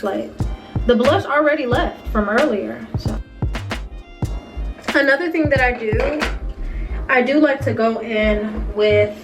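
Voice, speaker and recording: A young woman in her twenties chatting playfully through a casual makeup tutorial, talking straight to her viewers. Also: fairly high pitch. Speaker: beauty vlogger. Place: bedroom at home. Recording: distant mic with music behind.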